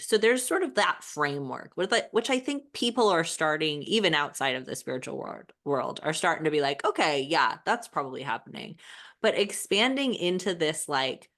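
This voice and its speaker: A woman's voice: low-pitched, a bit bright. A woman hosting a podcast over a video call, talking in a casual, reflective way with many fillers. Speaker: podcast host. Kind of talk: casual conversation.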